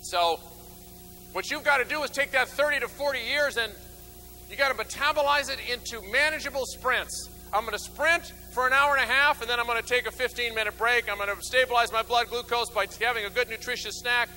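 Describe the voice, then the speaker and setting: A man giving an energetic motivational talk from a stage, acting out little scenes and swinging from loud bursts to low mutters. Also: fast talker, slight background noise, poor audio. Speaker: motivational speaker. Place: stage before an audience.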